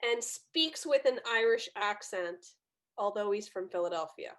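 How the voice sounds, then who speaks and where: A woman guest on a podcast, telling lively, incredulous stories in casual chat. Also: mid-range voice, unhurried. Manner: animated storytelling, incredulous.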